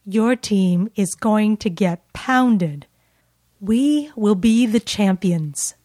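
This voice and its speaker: Woman acting cheeky sports fan, taunting, slow clear delivery, dry close sound. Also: medium pitch, lively intonation, warm tone, no room sound. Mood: playful. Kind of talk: scripted learner dialogue.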